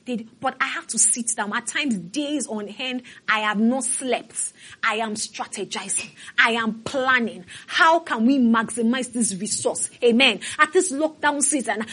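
A woman's voice: sits high, sharp tone, husky. A woman pastor preaching a sermon emphatically and calling out to her congregation.

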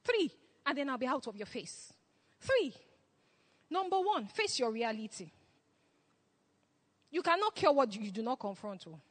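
Lady preacher, pretty high voice, lots of call and response, echoey church sound. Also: sing-song, measured pace, long pauses. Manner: impassioned, call-and-response exhortation with repeated refrains. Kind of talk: sermon.

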